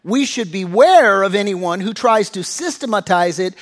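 A man's voice: high voice, lively intonation, normal speed. Earnest male pastor preaching. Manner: earnest preaching with fillers and restarts, acting out biblical voices. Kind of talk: sermon.

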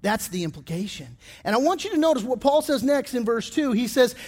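A middle-aged pastor delivering a sermon in a fairly high voice. He tells his stories loosely, restarting phrases and filling pauses as he goes, and his voice rings out into a long hall reverb. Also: sing-song, darkish tone, husky. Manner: storytelling with many restarts and fillers.

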